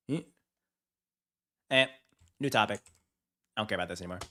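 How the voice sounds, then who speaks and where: A man's voice: on the low side, a little fast, long pauses, sharp tone. A man hosting a casual live stream, hyped and slangy, talking to his chat. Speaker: finance streamer.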